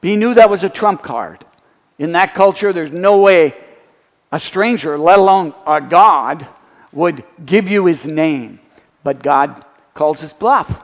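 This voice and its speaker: A man, a pastor, giving a teaching sermon that explains Greek words, with wry little asides. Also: on the high side. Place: church sanctuary. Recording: long church reverb.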